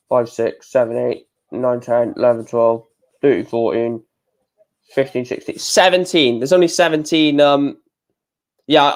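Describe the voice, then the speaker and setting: A man hosting a live stream, chatting casually, reading out match results and answering his chat with lots of fillers. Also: medium pitch. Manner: chatty, reads out scores and chat, many fillers.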